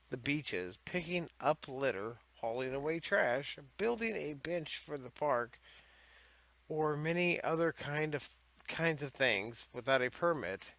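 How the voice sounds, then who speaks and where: Male host, sharp bright voice, loose sarcastic rambling commentary with swearing. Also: mid-range voice, no echo. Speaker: host of a comedy series on odd laws. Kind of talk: casual comedic commentary.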